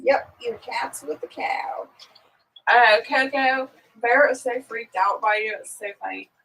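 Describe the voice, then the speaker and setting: A woman's voice: on the high side, measured pace, fairly bright tone, far from the mic, slight background noise, poor audio. Chatty woman host, set back from mic. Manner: chatty, laughs easily, greets viewers by name. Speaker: livestream host. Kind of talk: casual morning livestream chat. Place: at home on a small farm.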